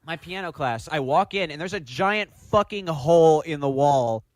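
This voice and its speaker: Young guy, high lively voice, dry close mic, casual podcast storyteller. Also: normal speed, no room sound. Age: young adult. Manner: animated storyteller, mimics people in high voices. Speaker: podcast co-host, music student. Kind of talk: casual chat.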